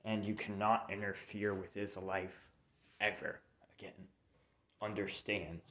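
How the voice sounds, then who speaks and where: A man voicing a tall shadowy male swordsman in a fan story, slow and measured with low hums. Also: flat delivery, a bit bright. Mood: menacing.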